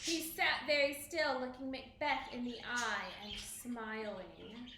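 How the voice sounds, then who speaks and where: A woman teacher reading a story aloud to a class, expressive, stopping to ask questions. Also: on the high side, slow, roomy sound, slight background noise.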